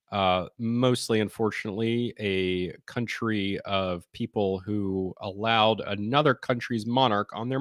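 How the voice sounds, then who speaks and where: A man's voice: lowish voice, fairly bright tone, no room sound, clean studio sound. A man giving blunt, sarcastic, rambling commentary on survey charts during a casual live stream. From United States.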